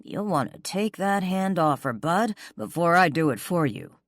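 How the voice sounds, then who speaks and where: A woman's voice: fairly low pitch, lively intonation, moderate pace, no echo, clean studio sound, natural voice. A woman reading an arrogant young rock star man who growls and talks cocky, in an audiobook. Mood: defiant.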